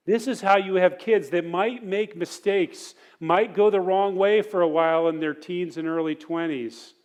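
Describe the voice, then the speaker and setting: A middle-aged man teaching a parenting sermon at church in an earnest, conversational way. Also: high-pitched.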